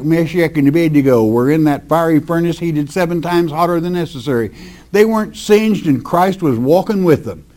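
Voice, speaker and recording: A man's voice: fairly high pitch, warm tone. A man preaching a verse-by-verse Bible teaching, reading scripture aloud and explaining it emphatically in plain words with asides.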